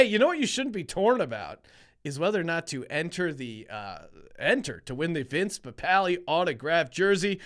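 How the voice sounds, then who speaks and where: Chatty high-voiced podcast host man. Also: a bit bright, smooth. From Philadelphia, USA. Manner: chatty, joking, full of restarts. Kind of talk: casual sports-betting podcast chat.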